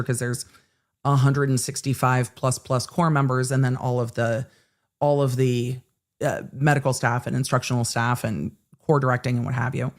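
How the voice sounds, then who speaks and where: A middle-aged woman with a bass voice hosts a livestream, chatting casually and rambling, frequently restarting sentences as she talks and reads viewer comments.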